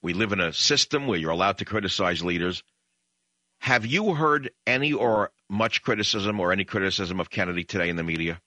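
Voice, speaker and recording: A man's voice: deep voice, lively intonation, a little fast, bright, forceful tone, no room sound. A man hosting a political talk radio show, combative and indignant, firing off rhetorical questions. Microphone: studio broadcast mic.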